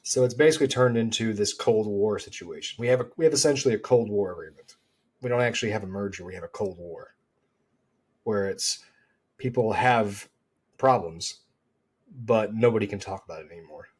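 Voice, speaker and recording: A man with a husky, slightly low voice talks golf on a podcast. He rambles in an animated way and often restarts his sentences. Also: fairly quick. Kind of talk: casual chat.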